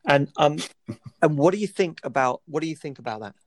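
A man's voice: fairly high pitch, lively intonation, fairly quick, no room sound. A man hosting an expert discussion, asking long, rambling questions. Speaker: host.

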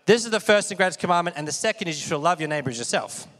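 High bright guy preaching, lively call and response, echoey hall reverb. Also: racing. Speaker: pastor. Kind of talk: sermon.

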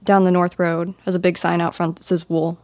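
A woman voicing a gruff, plainly dressed farmer man in an audiobook, with a dry, close sound. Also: high-pitched, flat delivery, brisk, darkish tone, dry recording.

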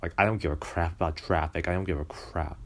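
A man with an extremely deep, low voice rants casually about baseball. He sounds exasperated and mocking, complaining at length. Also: fairly even intonation, fast talker. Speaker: baseball fan commentator. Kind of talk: casual sports rant.

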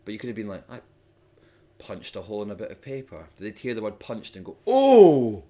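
A young Scottish man, a stand-up comedian, chatting casually on a podcast and telling animated stories. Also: lowish voice, fast, slight background noise. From Scotland. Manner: animated storyteller, mimics hecklers with loud sudden shouts.

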